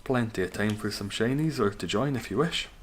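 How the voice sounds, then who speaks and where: Lowish-voiced man chatting on a game stream. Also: brisk. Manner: chatty, reads out and answers chat, dry teasing humor. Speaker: live-stream host. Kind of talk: casual live-stream commentary while gaming.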